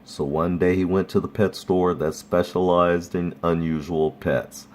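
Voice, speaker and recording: Low deep guy reading jokes out loud, chill, laughs at his own stuff. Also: little pitch movement, unhurried. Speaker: reader of folk tales. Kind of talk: casual read-aloud storytelling.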